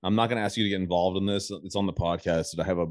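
A man's voice: deep voice, steady tone, very fast, dry recording, clean studio sound. A man hosting a casual podcast, talking loosely and profanely and laughing along with his guest. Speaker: podcast host.

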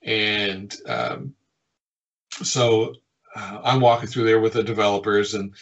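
A middle-aged man, a game designer, telling stories from his past work in a lively way, often chuckling and acting out what people said. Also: on the low side, slow pace, dull audio. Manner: lively storyteller who chuckles often and acts out quotes. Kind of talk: reminiscing anecdotes in an interview.

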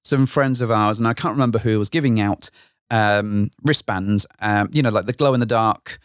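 A man's voice: lowish voice, moderate pace. A man co-hosting a podcast, telling a rambling story with frequent restarts and laughter. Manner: rambling, self-correcting storyteller who laughs often. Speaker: podcast co-host. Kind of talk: casual chat.

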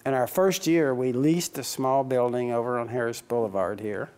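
A man's voice: mid-range voice, moderate pace, darkish tone. A man who owns a racing team, answering interview questions with anecdotes, chuckling often and acting out old conversations. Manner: chuckling anecdotal storyteller, acts out dialogue.

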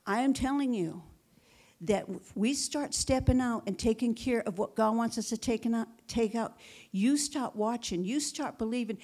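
High-voiced fervent woman pastor preaching. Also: moderate pace, warm tone. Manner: fervent preaching with rhetorical questions and call-and-response "Amen?"; repeats phrases for emphasis. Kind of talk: sermon.

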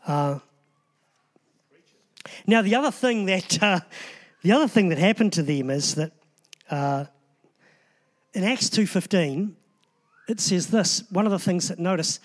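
A man preaching a sermon in a loose, conversational way, restarting phrases and adding asides to the congregation. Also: high-pitched. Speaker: pastor.

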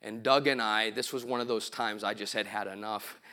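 A man's voice: on the low side, fairly even intonation, normal speed, pushed and bright. A middle-aged man, a pastor, preaching a sermon in a church. He tells stories, acts out sounds and quotes, and builds to emphatic preaching. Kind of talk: sermon with storytelling. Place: church sanctuary.

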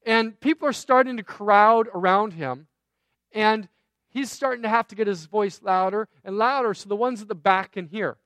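A man's voice: high voice, moderate pace, fairly bright tone, dry recording. A man preaching a sermon, telling a story in a conversational way with self-deprecating asides. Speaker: pastor.

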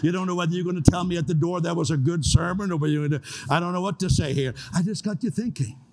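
A pastor preaching in a relaxed, conversational way, with joking asides, easing into prayer. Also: male voice, high voice, fast. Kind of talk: sermon.

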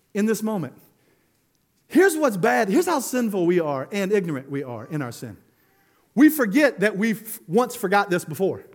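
A man preaching a sermon as pastor, animated, laughing and acting out quotes as he goes. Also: sits high.

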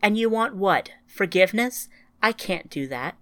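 A woman's voice: medium pitch, lively intonation, normal speed, a bit bright, no room sound, natural voice. A woman reading the part of a grieving, bitter woman in a story, her tone clipped and accusing.

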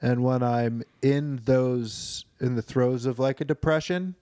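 A man's voice: medium pitch, fairly even intonation, a little slow, warm tone, no echo. Young male podcast co-host, loose and profane, mid-range voice, dry close mic. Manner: loose, profane, rambling storyteller. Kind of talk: casual banter.

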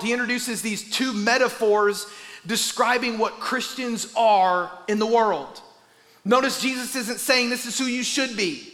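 A man's voice: high-pitched, normal speed, bright, forceful tone, big-room sound. A male pastor preaching a sermon, emphatic and often repeating words as he builds his points.

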